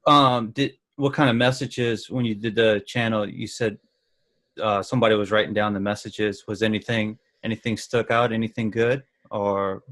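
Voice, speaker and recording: A man interviewing a guest, asking halting questions with short reactions. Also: on the low side, flat delivery, fairly bright tone, dry recording. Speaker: interview host.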